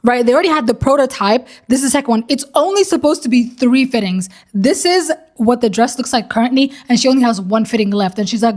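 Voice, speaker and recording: A young woman casually retelling a story in slangy, animated commentary, swearing and laughing as she goes. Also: a little high, quick pace, few pauses. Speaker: commentary creator.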